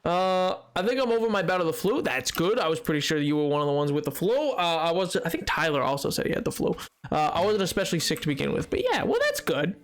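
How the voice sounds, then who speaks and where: Young male game streamer, high and bouncy, chats and jokes with viewers, faint music underneath. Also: fast. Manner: joking, rambling, greets viewers with excited shouts. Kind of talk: casual livestream chat, reading chat aloud.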